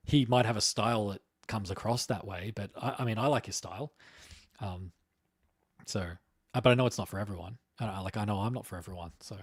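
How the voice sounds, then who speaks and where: Husky low-voiced Australian-born man. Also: a little fast, no room sound, clean studio sound. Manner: rambling, reads chat comments aloud. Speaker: political streamer hosting a live chat. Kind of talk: casual live-stream chat.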